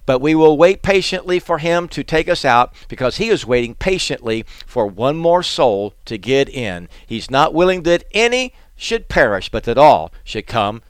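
A man's voice: on the high side, very animated, moderate pace, few pauses, clear, resonant tone, dry recording. A male pastor giving a radio Bible teaching, earnest and plain-spoken, acting out the prophet's words as he explains them.

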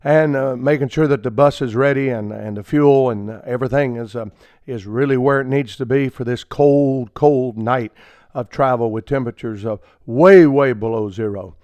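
A man's voice: medium pitch, normal speed, a little mellow, no room sound. A man preaching a radio devotional, reading scripture and building to emphatic, rising appeals with frequent fillers.

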